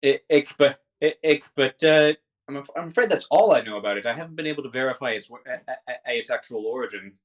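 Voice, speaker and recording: A game master voicing a polite male shopkeeper who sells weapons, talking in a formal, halting sales patter. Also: mid-range voice, animated, natural voice. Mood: salesy.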